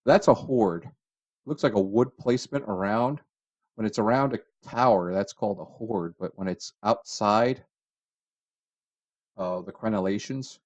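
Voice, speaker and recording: Rambling male let's-play commentator. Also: lo-fi sound. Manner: rambling, chatty, trails off and restarts; excited bursts of high pitch at discoveries. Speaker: gaming channel host.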